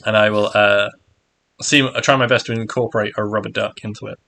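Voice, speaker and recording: A man running a charity tabletop game stream as game master, chatty and quick to laugh, with many restarts. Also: on the low side, fairly even intonation, gravelly, pushed and bright.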